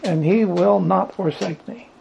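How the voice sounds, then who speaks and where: A man's voice: sits high, measured pace, creaky, darkish tone, a little hiss or hum, rough recording. A man teaching from the Bible to a small group, reading scripture aloud, asking questions and building emphasis on repeated lines. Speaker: preacher.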